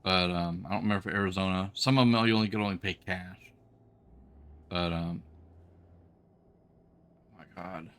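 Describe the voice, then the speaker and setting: A man's voice: low-pitched, fairly even intonation, a little fast, a bit bright, smooth. Folksy man rambling while gaming. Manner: rambling, folksy, many ums and restarts. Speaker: trucking game streamer and former truck driver. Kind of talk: casual storytelling while gaming.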